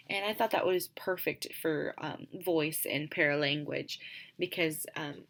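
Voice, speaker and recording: A woman's voice: sits low, fairly even intonation, normal speed, vocal fry, fairly bright tone. A young woman giving a casual class presentation as a student, hesitant and full of filler ums.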